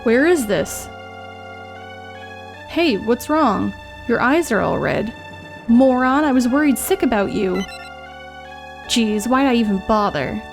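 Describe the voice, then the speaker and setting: A woman's voice: fairly high pitch, lively intonation, slow, creaky, long pauses, faint music behind, full character voice. A woman reading game dialogue as a proud, hot-tempered teenage heroine who is brusque but tender underneath. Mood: worried.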